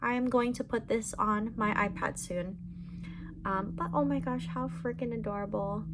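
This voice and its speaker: A woman's voice: fairly high pitch, normal speed, noisy background. A young woman talking casually in her own vlog, chatty and upbeat, with lots of fillers. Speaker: vlogger and crochet seller.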